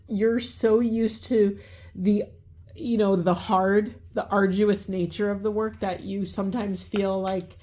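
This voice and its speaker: A woman's voice: medium pitch, darkish tone. Earnest woman giving an oracle reading. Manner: earnest, affirming, rambling with restarts. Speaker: oracle card reader. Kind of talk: spiritual card reading. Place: outdoors by the ocean.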